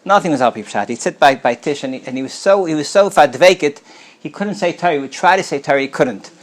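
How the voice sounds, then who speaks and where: Animated and fast, a man with a voice on the high side delivers a storytelling Torah lecture as a rabbi. His casual telling is marked by frequent throat-clearing, restarted words, and Yiddish and Hebrew expressions.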